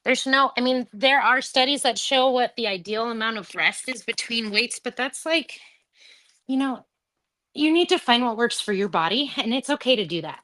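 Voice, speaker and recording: A woman's voice: a little high, expressive, moderate pace, sharp tone. A woman leading a live home workout class, counting reps and cueing breaths in a chatty way, with asides to her dog. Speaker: fitness instructor.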